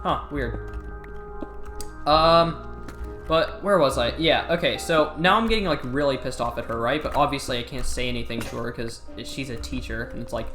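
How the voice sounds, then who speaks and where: A man's voice: medium pitch, fairly bright tone. Exasperated teenage boy ranting. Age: teens. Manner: exasperated, sarcastic storytelling. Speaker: student gamer. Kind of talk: casual rant over gameplay. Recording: echoey room, faint music.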